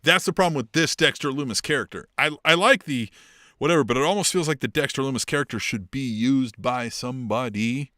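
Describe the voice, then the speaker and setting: A man co-hosting a casual wrestling podcast, excitable and profane as he retells scenes with big swings in his voice. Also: mid-range voice, fairly quick, no room sound. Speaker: podcast co-host.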